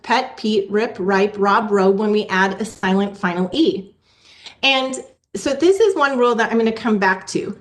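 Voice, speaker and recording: A woman giving a presentation to a virtual meeting, teaching reading skills in a clear, teacherly way and sounding out letters slowly. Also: a little high. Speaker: literacy presenter. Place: online meeting.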